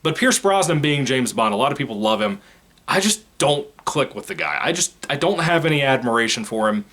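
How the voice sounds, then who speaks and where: A man's voice: mid-range voice, expressive, fairly quick, fairly bright tone. Blunt, profane male movie reviewer. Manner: blunt, profane, opinionated rambling. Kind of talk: casual spoken film review.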